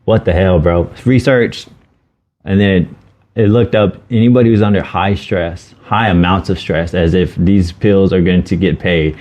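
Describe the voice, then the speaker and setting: A low, darkish male voice, fairly even in intonation and a little slow, comes from a podcast co-host who has children. In a candid exchange he talks openly and earnestly about hardship and swears freely.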